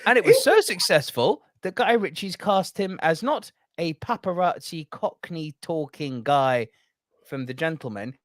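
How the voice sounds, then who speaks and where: A young man co-hosting a casual podcast, talking in an animated, emphatic way with plenty of swearing. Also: a little high, a little slow, no echo, clean studio sound. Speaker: podcast co-host.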